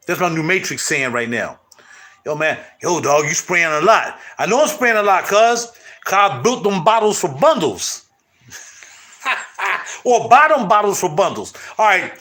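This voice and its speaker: A middle-aged man hosting his channel, chatting casually to viewers in loud, animated, slangy street talk. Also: sits high. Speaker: channel host.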